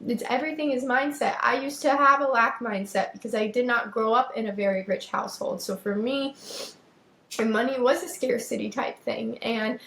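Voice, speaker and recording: A woman's voice: on the high side, moderate pace, vocal fry, a bit bright, reverberant. A young woman hosting a podcast, giving a casual motivational talk in an earnest, emphatic manner and repeating phrases for emphasis. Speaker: podcast host.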